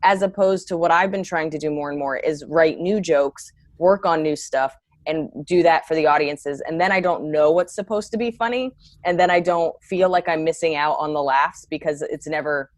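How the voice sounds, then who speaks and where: Low-voiced woman chatting in a rambling way. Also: normal speed, few pauses, no room sound. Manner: rambling, self-correcting, animated storytelling. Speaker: stand-up comedian guest. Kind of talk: casual interview chat.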